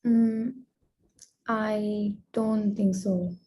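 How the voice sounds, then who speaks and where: A woman's voice: medium pitch, little pitch movement, drawn-out words, mellow, slight background noise. A woman student answering her teacher's questions in class, hesitant and careful.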